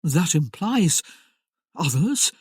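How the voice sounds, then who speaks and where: A woman's voice: deep voice, very animated, slow, a little mellow, breathy edge, no echo, full character voice. Brief: woman voicing a spurned, melodramatic young man, voice trembling and raised, dry close sound. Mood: incredulous. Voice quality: trembling, theatrical outbursts.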